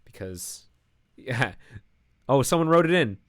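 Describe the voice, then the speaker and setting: A man's voice: medium pitch, moderate pace. Rambling man live-coding. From Canada. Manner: rambling, filler-heavy, thinks aloud. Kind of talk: casual live-stream coding commentary.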